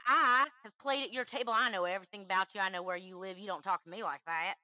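A woman voicing a sleazy male caller with a deliberately bad Southern accent, overfamiliar and wheedling. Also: mid-range voice, bright, forceful tone, no room sound. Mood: menacing. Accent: fake Southern US.

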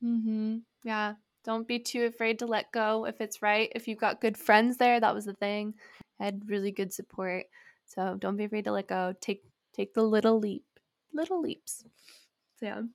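A woman co-hosting a podcast, telling a personal story with lively acted-out quotes in casual chat. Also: medium pitch, normal speed, no room sound, clean studio sound. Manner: animated storyteller, acts out quoted dialogue. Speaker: podcast co-host.

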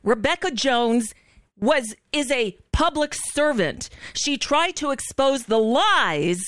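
An angry woman radio host with a fairly high voice, shaken and stammering as she rants in emphatic bursts. The sound is close and dry, with no room around it. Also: animated, slow, a bit bright, no echo. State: shaken and upset. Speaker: radio talk show host. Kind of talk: impassioned political talk radio.

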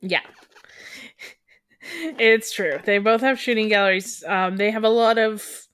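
A woman's voice: a little high, unhurried, fairly bright tone, clean tone, dry recording, clean studio sound. A woman from western Canada co-hosting a podcast in casual chat, rambling and restarting her thoughts as she goes. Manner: chatty, trails off and restarts mid-thought. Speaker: podcast co-host.

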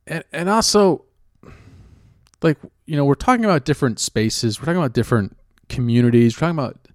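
A man's voice: a little high, animated, fairly quick, a little mellow, no room sound, clean studio sound. Sarcastic, profane man from California. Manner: sarcastic, profane, rambling with many restarts. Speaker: actor and writer. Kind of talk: casual chat.

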